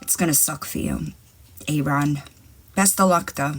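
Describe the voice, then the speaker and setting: This low-pitched woman speaks unhurriedly with faint music in the background, hosting a live stream over a phone mic. Her casual chat is brash and full of profanity, and she rambles to viewers while goading her rivals.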